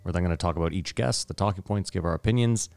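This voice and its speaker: A man's voice: low-pitched, fast talker, creaky, darkish tone, no echo. A man hosting a casual podcast chat, loose and jokey with frequent swearing. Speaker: podcast host.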